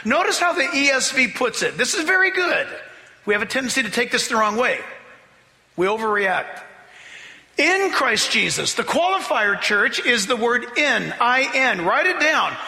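A man preaches a sermon in a church sanctuary, his voice high and sharply bright. He drags out scripture readings for emphasis and swings his pitch widely as he works the congregation. A long hall reverb hangs on every phrase. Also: very animated, vocal fry. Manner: emphatic, slows down to read scripture, mimics voices for illustration. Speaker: pastor.

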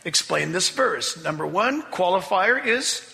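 Male pastor, emphatic sermon voice, very bright tone, reverberant church hall. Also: high-pitched, lively intonation, unhurried, creaky. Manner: emphatic, exhorting, with humorous asides.

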